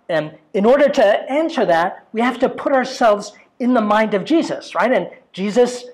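A man giving an informal catechetical lecture in a parish hall, talking conversationally with many "um"s and tag questions like "right?". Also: high-pitched. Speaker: theology lecturer. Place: parish hall with a projection screen. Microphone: battery-powered microphone.

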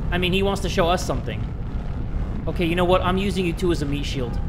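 Excitable, jokey gaming host. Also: male voice, sits high, fairly quick, background noise. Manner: jokey, excitable, with sudden loud outbursts. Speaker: let's play host. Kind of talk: horror gameplay commentary.

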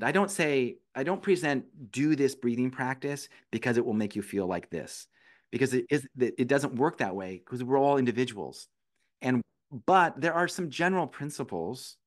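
A man who teaches meditation and breathing, a podcast guest patiently explaining his methods step by step in conversation. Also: mid-range voice. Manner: patient, explanatory, walks through steps one by one.

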